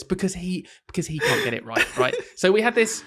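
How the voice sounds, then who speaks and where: A young man hosts a casual podcast, his voice bright and slightly high for a man. He teases his co-host playfully and breaks into laughter often as he talks. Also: very animated, fairly quick.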